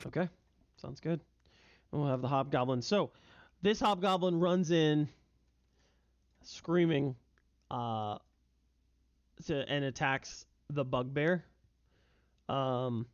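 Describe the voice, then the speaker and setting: Brief: young male game master, excitable narration, dry muffled computer mic. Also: a little high, slow pace, pauses often, dry recording. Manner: vivid, filler-heavy narration with bursts of excitement. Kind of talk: narrating a tabletop game online.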